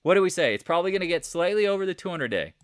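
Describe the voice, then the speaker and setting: A man giving a casual, joking stock market recap over charts, animated and rambling, with sound effects. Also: sits high, rapid-fire, clear, resonant tone, no room sound, clean studio sound. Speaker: market commentator.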